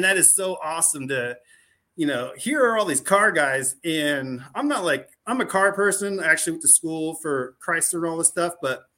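Chatty man telling animated stories. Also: a little high. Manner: rambling, animated anecdotes full of "like" and quoted dialogue. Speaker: podcast guest. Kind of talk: casual storytelling chat.

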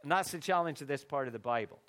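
A man's voice: on the high side, quick pace, fairly bright tone. A middle-aged man preaching a sermon in an earnest, conversational way, with sudden emphatic bursts.

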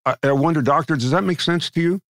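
A man's voice: on the high side, quick pace, a bit bright, no echo, clean studio sound. A man hosting a podcast, chatting casually and joking with his guest. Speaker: podcast host. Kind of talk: casual chat.

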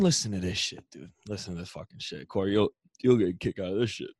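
A man's voice: low-pitched, quick pace, darkish tone, dry recording. A young man co-hosting a podcast, telling a long road-trip story in casual, profane chat and acting out the people in it. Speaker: podcast co-host.

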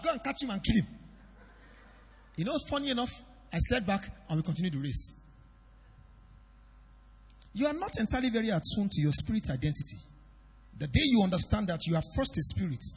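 High, lively pastor preaching. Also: male voice, husky. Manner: dramatic, swings between loud declarations and quiet confiding. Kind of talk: sermon. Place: large church hall. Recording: long reverb of a church hall.

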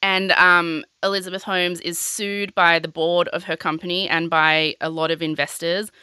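A woman's voice: on the low side, level tone, moderate pace, sharp tone, clean tone, no echo. A young woman hosting a podcast, telling a story in casual, sweary chat full of "like". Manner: chatty, sweary, heavy on filler "like". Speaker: podcast host.

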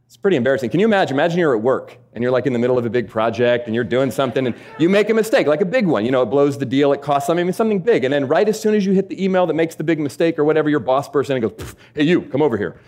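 A male speaker gives a motivational talk, moving through stories at a quick clip. He keeps the audience involved with rhetorical questions and a conversational manner. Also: on the high side. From United States. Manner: lively storytelling with rhetorical questions. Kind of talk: keynote talk.

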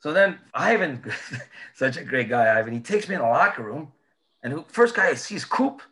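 A man spins stories in casual chat, his voice bright and lively as it leaps around. He swears freely and laughs as he goes. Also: on the high side, normal speed. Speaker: former hockey player telling stories.

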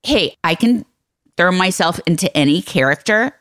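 Woman, podcast co-host, slightly low voice, self-deprecating storyteller. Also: expressive, moderate pace, fairly bright tone, dry recording, clean studio sound. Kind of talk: casual chat.

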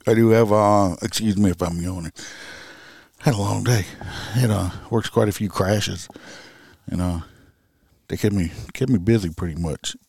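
A man's voice: sits low, a little mellow, no room sound, clean studio sound. A man, a police officer hosting a true crime podcast, talking bluntly and profanely in a loose, rambling way. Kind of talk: casual true crime commentary.

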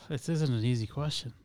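A man's voice: mid-range voice, normal speed, darkish tone. A man in casual chat with friends, answering hesitantly. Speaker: panel guest. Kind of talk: casual banter among friends.

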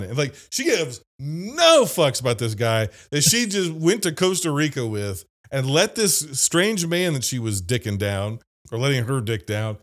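A man's voice: mid-range voice, moderate pace, few pauses. A man from Ohio hosting a casual movie podcast, telling stories with profanity and squealing impressions. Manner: animated storyteller, profane, mimics squealing voices. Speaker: podcast host.

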